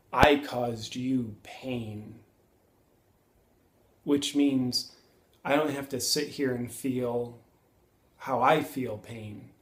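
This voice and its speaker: A man in his thirties hosting a reflective self-help monologue, earnest and musing, pausing and correcting himself as he thinks aloud. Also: medium pitch, reverberant. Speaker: self-help video host.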